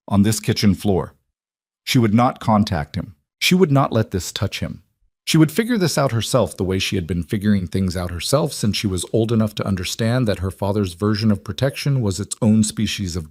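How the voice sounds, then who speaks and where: A man narrating a scripted drama in a measured, even storytelling voice. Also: lowish voice, dry recording, studio quality.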